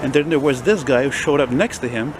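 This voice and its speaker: A classic car vlogger, a man in his forties from Montreal, speaks a little fast at medium pitch against background noise. Out on a city street, he rambles happily to camera about an old car, filling his talk with fillers.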